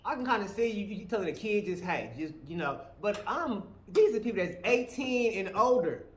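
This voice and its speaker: Casting note: middle-aged male co-host, earnest and repetitive, fairly high voice, roomy echo, faint hiss. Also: brisk. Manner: earnest, repeats words when making a point. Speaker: podcast co-host. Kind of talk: casual chat. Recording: echoey room with faint noise.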